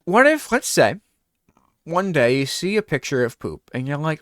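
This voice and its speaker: This man hosts a talk show and spins a rambling, animated comedy bit, playing out scenes as he goes. His mid-range voice is smooth and moderately paced, captured as clean studio audio without room sound.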